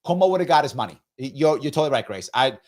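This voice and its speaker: A male host reacting live to political clips. He is sarcastic and mocking, and his pitch swings widely as he talks, from low mutters to high jabs. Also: expressive, fast.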